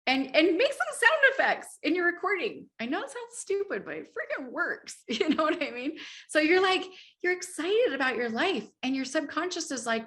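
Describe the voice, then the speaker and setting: A woman with a fairly high voice talks as an interview guest. She is middle-aged, animated and quick to laugh, and she acts out inner voices as she goes. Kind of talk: enthusiastic interview talk.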